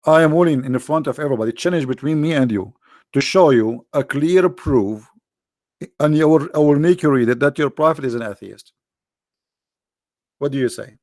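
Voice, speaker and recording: A man hosting a live debate stream, tired and hoarse, talking in a sarcastic, taunting way. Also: fairly high pitch, normal speed, pauses often, a little mellow, no room sound, studio quality. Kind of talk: casual mocking live-stream talk. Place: quiet room at home.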